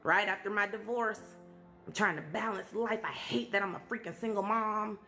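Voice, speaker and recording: A woman's voice: mid-range voice, fairly even intonation, moderate pace, sharp tone, reverberant, faint music behind. A woman in her thirties who hosts a live stream, talking casually to her viewers and sharing her testimony in an emotional, motivational way. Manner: emotional, testimony-style, talks to viewers directly. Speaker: live stream host and speaker.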